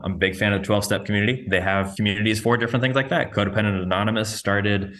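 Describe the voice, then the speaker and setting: Joking low-voiced male podcast host. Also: fairly even intonation, rapid-fire, fairly bright tone. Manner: joking, self-deprecating. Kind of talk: casual podcast chat.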